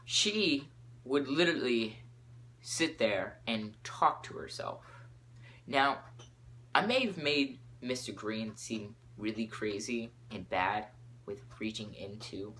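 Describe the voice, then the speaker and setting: A teenage boy hosting his own podcast, rambling excitably from topic to topic with lots of fillers. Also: fairly low pitch, slow pace, slight background noise. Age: teens. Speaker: podcast host.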